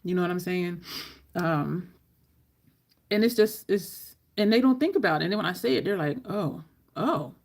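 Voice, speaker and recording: A woman makeup vlogger chatting casually through a tutorial, animated, swearing and laughing as she acts out the people in her story. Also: fairly low pitch, normal speed, long pauses.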